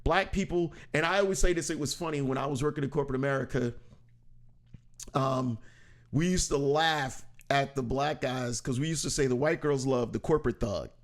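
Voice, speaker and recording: A man hosting a podcast, telling stories in a casual, animated way and acting out quoted voices. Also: mid-range voice, brisk. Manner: animated, acts out quoted voices, laughs often. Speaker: podcast host. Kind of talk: casual conversational storytelling.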